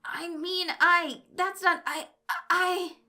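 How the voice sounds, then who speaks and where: A woman's voice: on the high side, expressive, a little fast, pushed and bright. A woman reading the part of a nervous teenage boy running a tabletop game, who stammers when flustered, in a fan fiction reading.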